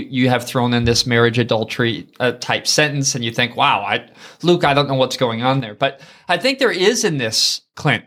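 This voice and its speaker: A man's voice: mid-range voice, fairly bright tone. A man co-hosting a Bible study, explaining a passage in a thoughtful, conversational way and addressing his co-host by name.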